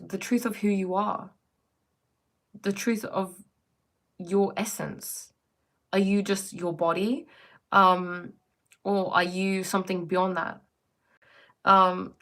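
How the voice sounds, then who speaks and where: A woman's voice: on the low side, vocal fry, fairly bright tone. A woman hosting a casual livestream, musing reflectively and answering viewers' comments, often breaking off mid-sentence. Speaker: livestream host.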